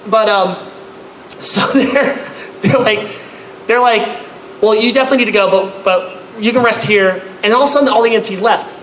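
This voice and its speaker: A man telling a comic story to a live convention audience, acting out other people with loud, high-pitched outbursts. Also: moderate pace. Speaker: convention panelist. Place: convention panel room. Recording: echoey room, faint noise.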